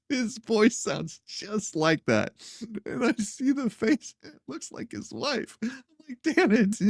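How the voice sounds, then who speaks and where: A man hosts a morning news commentary show and keeps breaking into giggles as he teases the stories. His pitch leaps up and down while he talks slowly. The sound is dry and close. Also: very animated, creaky, darkish tone, no echo. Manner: laughs often, giggly and teasing. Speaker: host.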